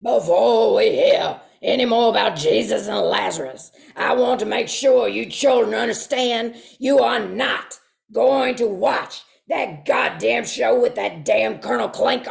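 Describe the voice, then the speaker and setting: A woman voicing an angry, profane old war veteran in a comic monologue, shouting and cursing. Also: a little high, creaky, roomy sound, heavily acted.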